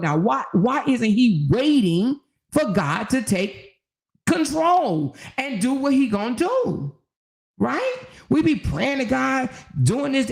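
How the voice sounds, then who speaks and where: Gravelly older woman, preachy livestream host. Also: fairly high pitch. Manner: preachy, emphatic, rising into exhortation; conversational, full of "you know". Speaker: channel host. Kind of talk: casual livestream chat.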